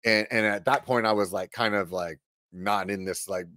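A middle-aged man telling a story casually on a podcast, animated, with lots of filler words and cursing. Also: lowish voice, moderate pace, no echo. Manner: animated, swearing, many "like" fillers. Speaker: podcast guest.

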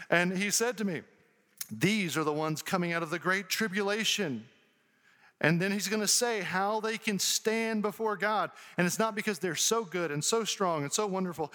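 A pastor with a high, bright, forceful voice preaches an earnest sermon at normal speed, reading scripture and explaining it to his congregation. His emphasis keeps rising, and long hall reverb fills the recording.

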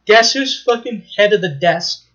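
A man co-hosting a podcast, excitedly retelling a plot in casual chat, swearing freely and restarting his sentences. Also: high-pitched, moderate pace, dull audio.

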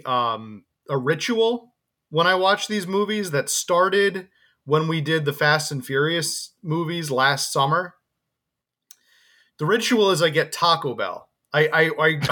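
Podcast guy, bright sharp voice, rambles and laughs a lot. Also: on the high side. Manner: rambling, laughs often, many restarts. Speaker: podcast co-host. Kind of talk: casual podcast chat.

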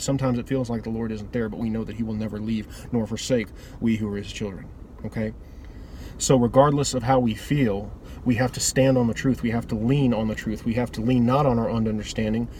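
A man's voice: mid-range voice, darkish tone, slight background noise. A man giving an earnest, informal devotional talk that often loops back and restarts its phrases. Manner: earnest, rambling with repeated restarts. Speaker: preacher.

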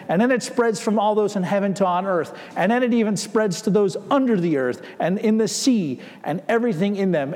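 A pastor preaches a sermon in a high-pitched voice with a darkish tone, his words echoing with a big-room sound. He speaks conversationally and acts out the quoted voices of people in the story.

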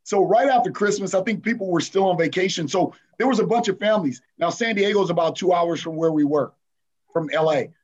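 Man, coach, storytelling, slightly high voice, dull lo-fi sound. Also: brisk. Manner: animated retelling, acts out players' voices, frequent "man". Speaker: basketball coach, guest. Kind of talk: interview storytelling.

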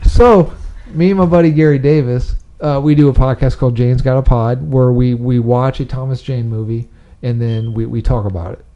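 Brief: man, podcast host, rambling jokey chatter, mellow sound. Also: mid-range voice, moderate pace, muffled recording. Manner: joking, rambling, animated. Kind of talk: casual chat.

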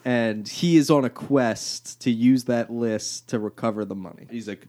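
A man's voice: mid-range voice, normal speed, a little mellow. Wry man making sarcastic quips. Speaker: podcast co-host. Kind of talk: casual chat.

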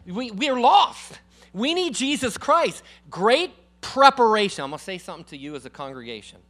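A man preaching a sermon to a church congregation in a casual, emphatic way, calling out for amens and swinging from loud declarations to quiet asides. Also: high voice, sing-song, moderate pace. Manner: calls for congregation responses. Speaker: guest preacher.

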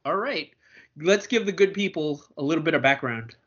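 A man co-hosting a casual podcast, rambling and joking in a laid-back way. His voice is bright and forceful, a little higher than most. The recording sounds slightly dull and lo-fi. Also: animated, moderate pace, husky. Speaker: podcast co-host.

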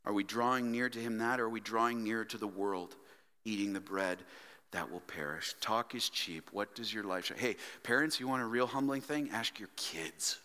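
A male pastor preaching a sermon earnestly, moving from hushed whispers to fervent exhortation. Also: fairly low pitch, moderate pace. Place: church sanctuary. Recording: reverberant church hall.

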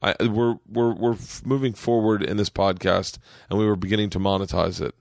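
Profane middle-aged male podcast host, gravelly. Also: fairly even intonation, fairly quick, dry recording, studio quality. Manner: profane, joking, puts on a high drawling yokel voice at times. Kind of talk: casual chat. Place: home man cave studio.

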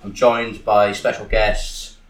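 Low-voiced male host, echoey room. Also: flat delivery, slow, far from the mic. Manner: easygoing, teasing. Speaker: radio host. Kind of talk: casual chat. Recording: echoey room with faint noise.

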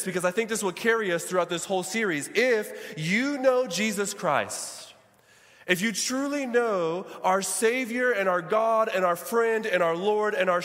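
Male pastor, high voice, preaching in a church hall with long reverb. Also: fairly bright tone. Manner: preaching with call-and-response to the congregation. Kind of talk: sermon.

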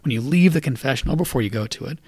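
A man, a priest, retelling a story for young listeners and turning it into a lesson. He talks quickly in a loose, conversational way, with lots of asides. The recording is dry and close, with no room sound. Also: medium pitch, breathy edge, no room sound. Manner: conversational, animated retelling with fillers. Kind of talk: casual retelling and teaching.

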